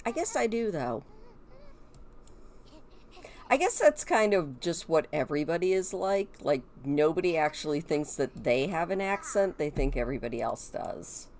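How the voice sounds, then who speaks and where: A woman's voice: sits low, sing-song, normal speed, darkish tone, slight background noise. A middle-aged woman with a Midwestern American accent, chatting casually as she comments on a game and talks to her viewers. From Michigan, USA. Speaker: gaming video creator.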